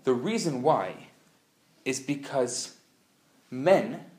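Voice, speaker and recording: A man teaching a live class, an animated, playful storyteller who acts out the dialogue. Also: medium pitch, drawn-out words. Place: classroom at a community center. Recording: roomy live room sound.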